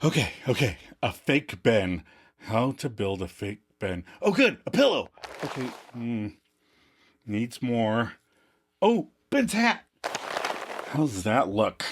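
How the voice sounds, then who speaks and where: A fussy, eager-to-please divorced dad, as a man puts him on in a comedy sketch, his voice leaping up high and swinging around as he fusses. He talks himself through each step out loud. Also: sing-song, takes it slowly, long pauses, breathy edge, heavily acted. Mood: busy, cheerful.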